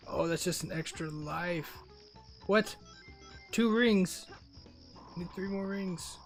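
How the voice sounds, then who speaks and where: A young man co-hosting a live stream, relaxed, calling out his game moves and saying bro. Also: high-pitched, slow. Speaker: streamer co-host. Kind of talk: casual live-stream chat while gaming. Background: faint game music.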